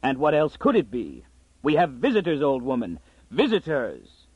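A man reading as a gruff old farmer, blustering and pompous, with a husky edge and lively swings in pitch, heard in a dry, slightly muffled audiobook recording. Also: normal speed, no echo. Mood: grumbling.

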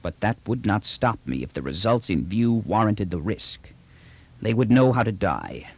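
A man voicing a gruff old patriarch. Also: very animated, normal speed, a little mellow, exaggerated voice. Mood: grave. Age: older. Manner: curt and grave, bursting into deep anger.

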